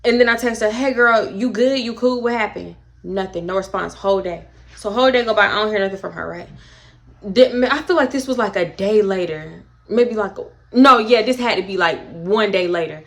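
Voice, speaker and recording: A young woman with a Houston accent telling a casual storytime, animated and swinging between hushed and exclaiming. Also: mid-range voice, fairly quick. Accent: Houston, Texas. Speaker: storytime vlogger.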